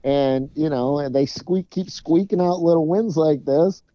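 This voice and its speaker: A man's voice: a little high, a little slow, dark tone, muffled recording. A man co-hosting a casual sports podcast, sarcastic and profane, talking in loose run-on sentences. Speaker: podcast co-host.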